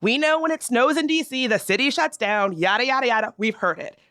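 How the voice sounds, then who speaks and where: A woman hosting a casual podcast chat, with animated, teasing rants, recorded in a studio. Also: on the high side, fairly quick, dry recording. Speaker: podcast host.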